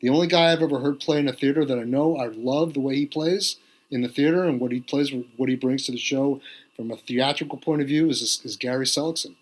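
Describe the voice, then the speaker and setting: Animated middle-aged man telling stories. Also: medium pitch, quick pace. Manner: animated anecdote-telling, quotes others in varied voices. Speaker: guest drummer. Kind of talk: storytelling in a podcast interview.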